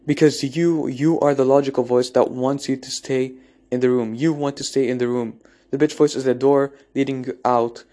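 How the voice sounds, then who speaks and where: A motivational speaker with a warm, medium-pitched male voice delivers an unscripted monologue. He's earnest and blunt, frequently restarting and repeating phrases, and swears casually.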